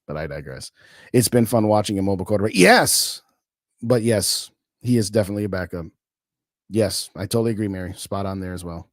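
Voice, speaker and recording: A man hosts a live sports podcast, talking in a loose, colloquial way. He reads out viewer comments and answers them with firm opinions. His voice sits a little low and sounds dry and close. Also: fast, darkish tone, dry recording. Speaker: podcast host. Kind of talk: casual live-stream sports talk.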